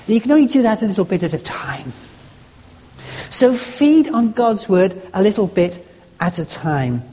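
Preacher, lively pitch, long hall echo. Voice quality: homely, conversational, musing aloud with restarts. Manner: rereads a verse slowly, stressing a new word each time. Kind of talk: devotional teaching talk. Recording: long reverb of a large hall.

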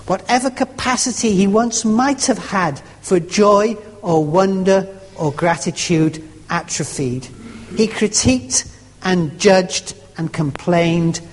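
Preacher in a reverberant church. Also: medium pitch. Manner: emphatic, repeating phrases and stressing words in turn. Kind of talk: sermon.

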